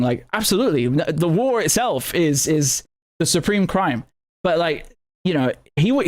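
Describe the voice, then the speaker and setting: A man hosting a live news commentary, talking indignantly with many stammered restarts and rhetorical questions. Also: fairly high pitch. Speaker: political commentator and host.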